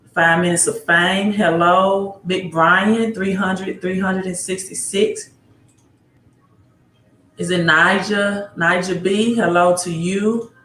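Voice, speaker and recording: A woman's voice: on the low side, a bit bright, a little hiss or hum. A woman hosts a casual livestream, talking straight to her viewers with loose, rambling delivery and rhetorical questions. She greets people one by one and circles back to her point. Her voice rings with the echo of a bare room. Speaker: livestream host giving financial advice. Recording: roomy echo.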